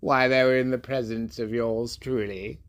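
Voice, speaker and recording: In a clear, resonant voice at normal speed, a man tells a story as a theatrical monologue with fairly even intonation. He swings between a bright sing-song and low sneering tones, addressing imagined listeners by name.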